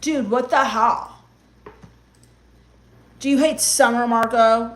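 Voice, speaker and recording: High-voiced sarcastic woman streamer. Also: fairly even intonation, slow pace. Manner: sarcastic, gloomy, mock-goth ranting. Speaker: livestream comedian reading chat. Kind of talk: comedic livestream chat reading.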